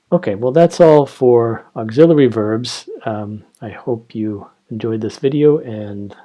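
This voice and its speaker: A man's voice: mid-range voice, dark tone. A man teaching English grammar, explaining carefully and reading example sentences aloud. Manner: slow, explanatory, reads example dialogues aloud. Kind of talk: grammar lesson.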